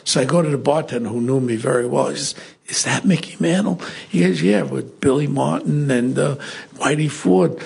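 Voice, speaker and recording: Gravelly older New man. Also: medium pitch, fairly quick, a little mellow. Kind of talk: casual storytelling.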